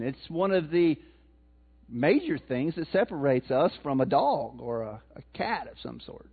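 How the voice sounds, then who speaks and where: High-voiced preacher, tinny sound. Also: male voice, sing-song, unhurried, gravelly, husky. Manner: conversational preaching with questions to the congregation. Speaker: pastor. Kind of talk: sermon.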